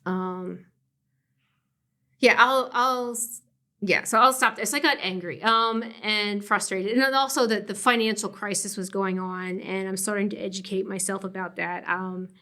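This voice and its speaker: A woman law professor speaking as a guest on a podcast interview, animated and quick to laugh, often trailing off and restarting her sentences. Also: mid-range voice. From family from West Virginia. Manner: animated, laughs often, frequent fillers and self-corrections.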